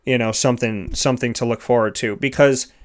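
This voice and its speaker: An earnest man delivers a motivational self-help talk. He builds his points through repeated, emphatic lists. His pitch sits at an ordinary middle for a man. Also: fairly even intonation, brisk. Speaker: host of a sponsored motivational segment.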